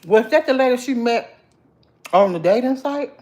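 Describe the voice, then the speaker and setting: Animated chatty woman livestreaming. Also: a little high, moderate pace. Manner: chatty, animated, greets viewers by name. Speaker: livestream host. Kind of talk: casual livestream chat with viewers.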